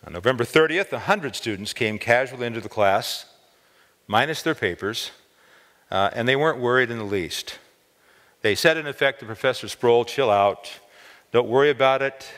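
A man preaching a storytelling sermon in a college chapel, voice lifting on key words. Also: normal speed. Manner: expressive, lifts pitch on key words. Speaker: chapel speaker. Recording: long hall reverb.

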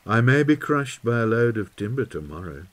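A man's voice: mid-range voice, sing-song, normal speed, close to an everyday voice. A man reading a thoughtful young forester. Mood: sincere. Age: 20s. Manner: thoughtful, sincere. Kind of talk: audiobook character voice.

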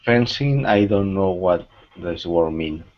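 A man taking part in an English class on a video call, speaking halting, non-native English with many pauses. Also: low voice, expressive. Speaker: language student. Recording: dull lo-fi video call audio.

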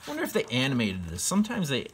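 A man's voice: mid-range voice, wildly swooping pitch, racing, a little hiss or hum. A man casually retelling a picture book in his own words, rambling with fillers and chuckling often. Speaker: book reader.

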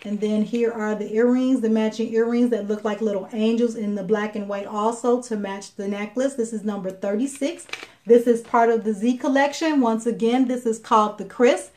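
Chatty lady selling jewelry live, kinda high voice, lots of ums and repeats. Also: fairly even intonation, moderate pace, a little mellow. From Chicago, Illinois. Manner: chatty, repeats herself, many fillers. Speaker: jewelry seller on live video. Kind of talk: live sales stream.

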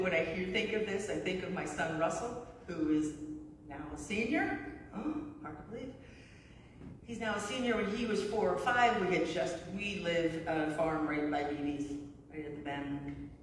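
A middle-aged woman pastor delivers a conversational sermon in a church sanctuary, telling stories and often asking "right?" Her voice is fairly low and moves at a normal speed, with a little hiss or hum. The recording sounds echoey, as if captured from far off in a large hall.

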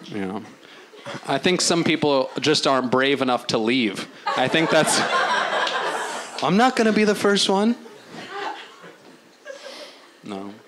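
A man's voice: mid-range voice, very animated, takes it slowly, long pauses. A man doing an improvised stand-up set on a club stage, loose and rambling, swearing a lot and mocking himself. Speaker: stand-up comedian. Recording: noisy live club recording. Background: audience laughter.

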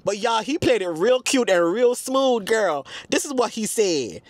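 A man's voice: sits high, animated, a little slow, few pauses, no echo. Sassy, dramatic man telling a story. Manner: sassy and dramatic, calls the audience "girl". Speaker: storytime vlogger. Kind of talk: casual storytelling.

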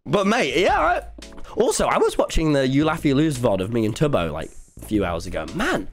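Chaotic cheeky young streamer. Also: male voice, mid-range voice, wildly swooping pitch, brisk, faint music behind. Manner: chaotic, cheeky, swears often, laughs a lot. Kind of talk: casual gaming livestream commentary.

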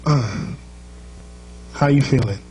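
A man's voice: mid-range voice, takes it slowly, a little mellow, soft background music, low-quality recording. A man with a Jamaican accent hosting a live show, joking and teasing his crowd in a playful, chatty way.

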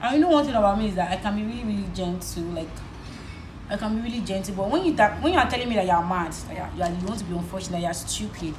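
A young Nigerian woman with a Nigerian accent, vlogging in a casual chat while she does her makeup, telling a story in an animated way. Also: mid-range voice, racing, reverberant, noisy background. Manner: animated storytelling, switching between English and Yoruba.

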